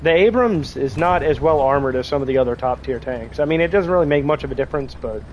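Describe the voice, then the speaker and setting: Man, gaming streamer, casual joking chat, slightly high voice, dull lo-fi mic. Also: quick pace, a little hiss or hum. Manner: joking, reads chat messages aloud.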